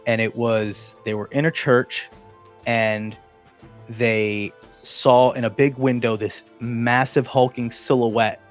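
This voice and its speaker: A man's voice: medium pitch, fairly even intonation, takes it slowly. Guy rambling about his tabletop character, lots of restarts, faint music behind. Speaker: podcast host. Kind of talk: casual chat.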